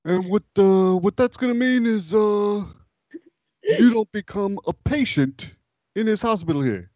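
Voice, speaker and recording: A man putting on the voice of a brash, menacing Italian-American tough guy, loud and profane. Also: high-pitched, lively intonation, unhurried, dry recording, muffled recording, pitched above the performer's own voice.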